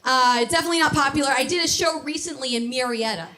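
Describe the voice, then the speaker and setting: A woman's voice: high voice, sharp tone. A woman in her thirties doing a brash stand-up comedy set on a club stage, laughing at her own jokes. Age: 30s.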